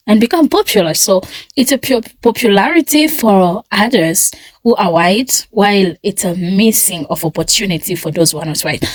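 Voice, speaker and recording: A woman's voice: medium pitch, no room sound. A woman giving earnest, reflective commentary, thinking aloud as she goes. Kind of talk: casual commentary.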